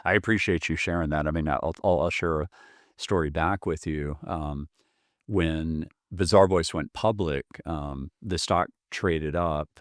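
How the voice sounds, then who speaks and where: Male host, 40s, very low pitch, reflective, dry close mic. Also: measured pace, no room sound. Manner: reflective, frequent short affirmations. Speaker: podcast host. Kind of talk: casual conversation.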